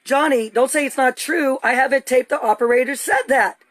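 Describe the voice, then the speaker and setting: Brisk and high-voiced, a woman goes live on her phone from indoors at home. Her talk is urgent, agitated and rambling.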